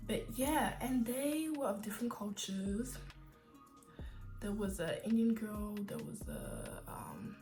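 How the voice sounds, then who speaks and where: A woman's voice: medium pitch, vocal fry, a little mellow. Sassy young woman ranting casually. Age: young adult. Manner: sassy, opinionated, lots of "like" and "you know". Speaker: vlogger.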